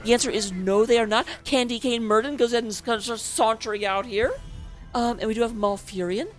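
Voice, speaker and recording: A woman's voice: a little high, fairly even intonation, fairly quick, soft background music. A woman casting a live esports match as its host, chatty and playful, joking between the picks. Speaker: esports caster.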